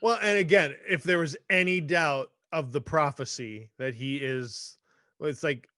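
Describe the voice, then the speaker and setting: A man's voice: a little high, a little slow, sharp tone, no room sound, studio quality. A man co-hosting a podcast, chatting casually about a film, full of fillers and offhand quotes. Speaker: podcast co-host. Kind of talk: casual movie discussion.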